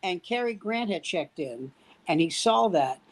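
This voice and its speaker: An older man, a veteran comedian, telling animated anecdotes in a casual chat with punchy joke delivery. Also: sits high, unhurried, low-quality recording.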